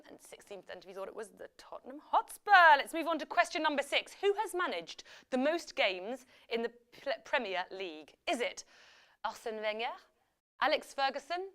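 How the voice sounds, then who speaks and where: A woman's voice: on the high side, a bit bright, clean tone. A woman hosting a live quiz show, chatty and upbeat, reading out questions and results and ad-libbing with fillers and self-corrections. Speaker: quiz host.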